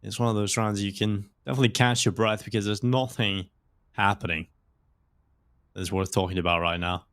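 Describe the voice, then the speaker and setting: A man calling esports play-by-play, building excitement on big plays. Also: fairly low pitch, fairly quick, clear, resonant tone, dry recording. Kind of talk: play-by-play game commentary.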